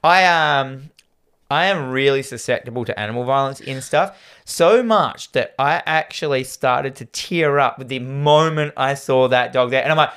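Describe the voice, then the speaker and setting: A man's voice: mid-range voice, moderate pace, fairly bright tone, smooth. A man with an Australian accent, co-hosting a casual podcast and recapping a film in a rambling, sweary, jokey way. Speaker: podcast co-host.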